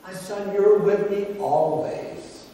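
A man's voice: high-pitched, steady tone, takes it slowly, mellow, pitched above the performer's own voice. A pastor voicing a joyful, loving father who welcomes his son home in a tender, emphatic way. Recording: echoey hall from far off.

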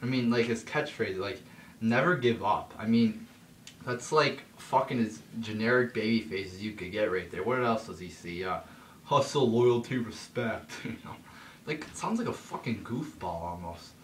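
A man's voice: fairly low pitch, moderate pace. Rambling, cursing young man in an echoey room. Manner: swears often, rambling, many fillers and restarts; gets heated, voice jumps up when mocking. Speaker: vlogger ranting. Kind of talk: casual rant monologue. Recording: echoey room, somewhat far from the mic, faint background noise.

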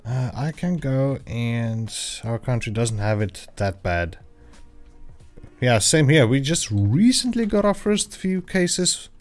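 A man's voice: mid-range voice, animated, takes it slowly. A man chatting casually while livestreaming a survival game, rambling with lots of fillers and self-corrections. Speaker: livestreaming gamer. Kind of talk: casual gameplay livestream chat. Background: royalty-free background music.

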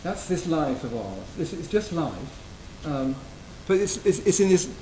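Buddhist teacher, man, soft reflective delivery, slightly raised pitch. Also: very animated, unhurried, a little hiss or hum, poor audio. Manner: gentle, tender, often checks in with "yeah?". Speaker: Buddhist teacher giving a retreat talk. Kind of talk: reflective dharma talk. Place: retreat hall.

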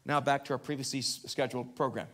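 A man preaching a live sermon in a church, animated and conversational, often checking in with his listeners. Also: mid-range voice, fast. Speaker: pastor. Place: church sanctuary, live broadcast.

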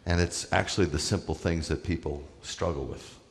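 A rabbi preaches in a relaxed, conversational way and leans hard on his key points. His voice is very low, and a long reverb trails each phrase, as in a large hall. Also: moderate pace, gravelly. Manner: conversational, emphatic preaching with asides to the congregation. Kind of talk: sermon.

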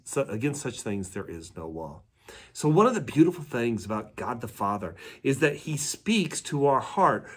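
Conversational pastor giving a sermon. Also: male voice, medium pitch, breathy edge. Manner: conversational, storytelling, asks listeners questions. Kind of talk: midweek devotional sermon.

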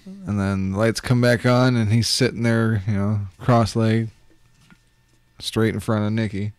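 Male co-host, lowish voice, dry close sound, easygoing recap delivery. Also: level tone, measured pace, darkish tone, clear, resonant tone, no echo. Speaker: podcast co-host. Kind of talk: casual wrestling chat.

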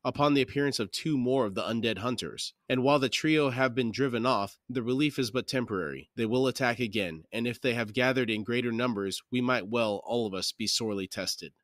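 A man voicing a suave, polite male necromancer in a fantasy audiobook reading, formal and unhurried. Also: mid-range voice, fairly bright tone, dry recording, studio quality, close to an everyday voice. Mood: urbane.

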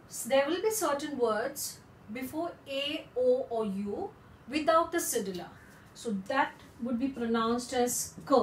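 Slow, careful woman teaching a lesson. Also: sits high, roomy sound, distant mic, a little hiss or hum, poor audio. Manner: slow, careful, repeats words for practice. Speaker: French teacher. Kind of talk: explaining a language lesson.

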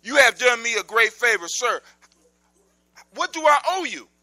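A man voicing an excitable male street magician who speaks in an emphatic, pleading way. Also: extremely high pitch, moderate pace, full character voice. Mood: grateful.

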